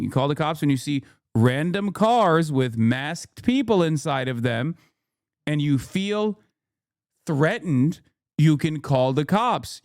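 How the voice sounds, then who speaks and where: A male streamer tears into news clips with heated, sarcastic rants. His voice sits a little high, and the sound is dry and close. He breaks into mocking impressions often. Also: darkish tone, dry recording. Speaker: streamer commentator.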